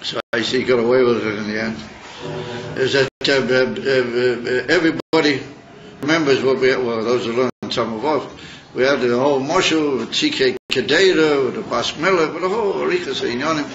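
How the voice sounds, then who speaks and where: A man's voice: mid-range voice, fairly quick, muffled recording, background noise. A man teaching a Torah class in a chatty, searching way, mixing in Hebrew and Yiddish terms.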